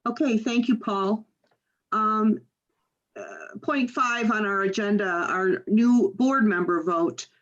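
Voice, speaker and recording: A woman chairing an online board meeting, talking slowly with many pauses and fillers. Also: mid-range voice, dull audio. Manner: slow, halting, many fillers.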